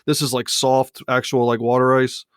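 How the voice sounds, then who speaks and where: A man's voice: medium pitch, flat delivery, normal speed, smooth, no room sound. A man with a Philadelphia accent chats casually as a podcast guest, rambling and restarting his sentences as he goes. His voice sits in a middle range and sounds dry and close to the mic. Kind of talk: casual chat.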